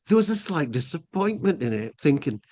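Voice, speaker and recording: With a slightly high, sing-song and somewhat mellow voice, this middle-aged English podcast guest talks a little fast. He's casually recounting a long story from his own life, full of restarts and filler words.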